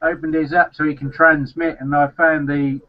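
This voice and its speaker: A man's voice: on the high side, little pitch movement, moderate pace. Dry-voiced man on a muffled call. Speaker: panelist on a home-brewing online hangout. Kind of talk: casual chat on a group video call. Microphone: video call. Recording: dull lo-fi video call audio.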